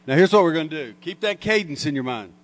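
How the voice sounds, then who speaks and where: A man with a slightly raised pitch addresses a conference hall crowd. He talks in a punchy, joking way, mocking his targets as he goes. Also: expressive, fast. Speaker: conference speaker, journalist. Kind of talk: lively conference talk with audience call-and-response.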